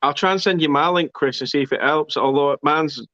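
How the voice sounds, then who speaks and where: A slightly high-voiced man runs a relaxed football watchalong, chatting and reading viewer comments between laughs. The sound is dry and dull, like a modest home mic on a live stream. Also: brisk, no room sound. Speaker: host of fan watchalong. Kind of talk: casual match commentary chat.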